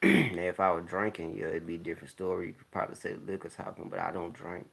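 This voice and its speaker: A man with a deep, gravelly voice talks in a loose, unhurried monologue. He speaks candidly and keeps clearing his throat as he goes. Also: fairly bright tone. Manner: laid-back, rambling, candid talk with frequent throat clearing. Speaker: vlogger. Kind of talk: casual monologue to camera. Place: home, smoking while talking.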